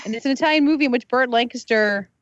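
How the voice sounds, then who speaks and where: Fast-talking woman hosting a chat. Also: fairly high pitch, no room sound, muffled recording. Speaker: podcast host. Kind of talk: casual panel chat.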